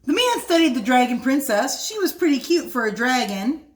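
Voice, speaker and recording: Playful high-voiced woman reading a story. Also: big pitch swings, normal speed. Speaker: children's librarian. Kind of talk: read-aloud storytime.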